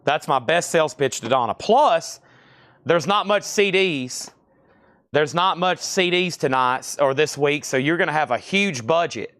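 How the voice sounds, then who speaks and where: A man hosting a live-streamed record sale, chatting to buyers by name and pitching albums. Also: lively intonation, a little slow, fairly bright tone, dry recording. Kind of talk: live-stream sales patter.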